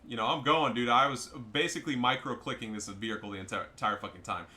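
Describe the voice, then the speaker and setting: A young man giving casual, profane, excitable commentary over his own strategy game match. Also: mid-range voice, fast. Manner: profane, excitable, trash-talking. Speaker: gameplay commentator.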